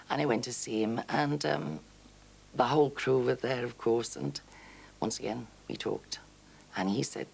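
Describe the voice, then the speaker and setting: An older woman speaks slowly and softly, pausing as she recalls her past for a documentary. Her voice is breathy and husky, with a gravelly fry at the ends of her phrases. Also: extremely low pitch, poor audio. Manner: soft-spoken, unhurried storytelling with pauses. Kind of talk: reminiscing documentary interview.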